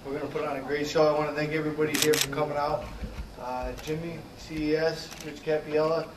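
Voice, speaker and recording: A boxer from Connecticut talks up his upcoming fight in an even, monotone voice, pausing often on "uh." The room is echoey and noisy. He stands away from the mic while cameras click. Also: fairly high pitch, distant mic. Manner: earnest and self-promoting, with many "uh" pauses. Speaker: boxer at a press conference. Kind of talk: press conference speech. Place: press conference room.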